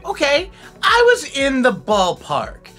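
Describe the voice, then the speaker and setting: Guy hosting a voice guessing game, bright and really animated, laughs a lot, faint music behind. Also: very high-pitched, slow pace. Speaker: voice impressionist, host. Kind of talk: playful game commentary.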